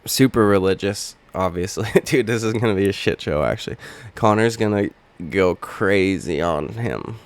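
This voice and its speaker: Young male vlog host, low-pitched and hoarse; loose, profane, wisecracking delivery. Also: normal speed. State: hoarse from just waking up. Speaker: channel host. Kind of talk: casual reaction vlog.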